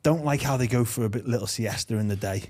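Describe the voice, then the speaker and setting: Aussie bloke hosting a podcast, loud, jokey, swears a lot, mid pitch. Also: male voice, fast talker. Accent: Australian. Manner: loud, joking and swearing, laughs often. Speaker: podcast host. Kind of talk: casual chat.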